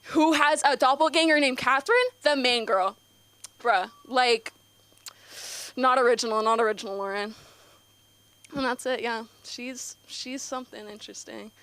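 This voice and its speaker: A woman's voice: a little high, moderate pace, fairly bright tone, dry recording. A teenage girl doing a nervous, rambling open mic stand-up set on a comedy club stage, full of fillers and giggles. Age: teens.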